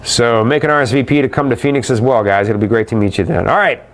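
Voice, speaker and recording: A man's voice: mid-range voice, quick pace. A middle-aged man hosting a live webcast, chatty and upbeat as he answers viewer questions and calls them guys.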